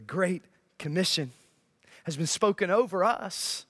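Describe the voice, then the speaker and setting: A male pastor preaching a sermon in an animated, joking way, often asking the congregation questions. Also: sits high, normal speed.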